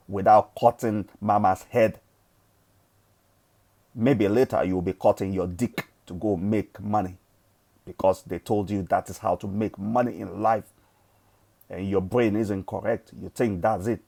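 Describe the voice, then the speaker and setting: Nigerian male vlogger, fairly low warm voice, emphatic motivational preaching, casual swearing. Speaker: forex trading vlogger. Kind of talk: motivational monologue.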